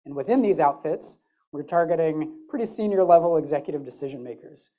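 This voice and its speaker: On a conference stage, a woman from the American Midwest gives a chatty, joking talk full of self-deprecating humor, her Midwestern accent clear. Her deep, mellow voice is animated and a little fast.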